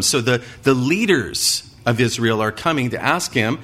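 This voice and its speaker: A man preaching an expository sermon at a middle pitch. He reads passages aloud with rising emphasis, then asks his congregation rhetorical questions and answers them himself. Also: animated, moderate pace, hardly any pauses, a bit bright. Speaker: pastor. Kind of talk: sermon, expository Bible teaching.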